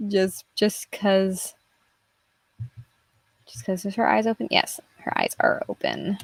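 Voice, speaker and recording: A woman's voice: mid-range voice, huge pitch swings, slow pace, creaky, dry recording. Young woman artist talking through a live drawing stream, loose and rambling, swears freely, mid-range voice, dry close-mic sound. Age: young adult. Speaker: artist streaming her work. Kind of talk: casual live-stream chat.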